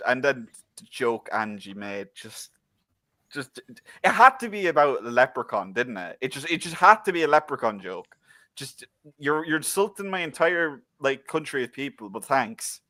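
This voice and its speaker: An Irish man co-hosting a casual show review, talking in animated, rambling bursts full of restarts. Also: mid-range voice, a little slow, no room sound. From Ireland. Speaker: co-host.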